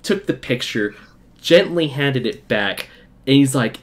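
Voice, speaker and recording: A young man from Utah hosts a casual podcast chat, an excitable storyteller who piles up quick asides and laughs. His voice sits at an ordinary middle pitch, and he rushes through his fan anecdotes with eager energy. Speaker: podcast host.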